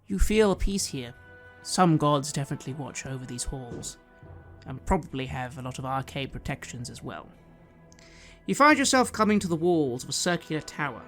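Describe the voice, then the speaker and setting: Game master setting the scene, slow and descriptive, faint music underneath. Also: mid-range voice, lively intonation. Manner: descriptive, unhurried narration. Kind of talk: narrating a tabletop game.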